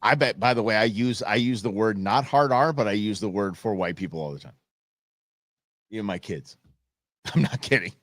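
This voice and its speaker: A man's voice: on the low side, normal speed, pauses often, a bit bright, no room sound, studio quality. A man hosting a live stream, reacting bluntly to a TV clip and rambling with frequent restarts.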